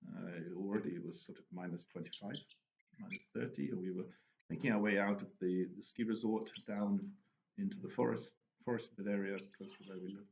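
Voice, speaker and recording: A man telling anecdotes and giving advice in a relaxed, casual monologue, often restarting his sentences. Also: on the low side, brisk, gravelly. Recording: dull lo-fi recording with faint noise.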